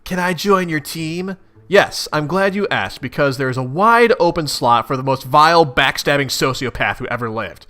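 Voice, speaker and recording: A man's voice: a little high, normal speed, pushed and bright. Man putting on a sly scheming troll girl. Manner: sly, teasing. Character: scheming manipulative young female troll.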